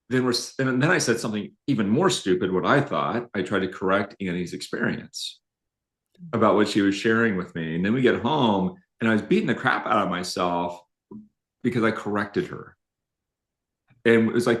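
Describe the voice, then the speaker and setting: Deep-voiced man telling a self-deprecating story. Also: moderate pace. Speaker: relationship coach co-host. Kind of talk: live-streamed conversational talk. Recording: roomy echo.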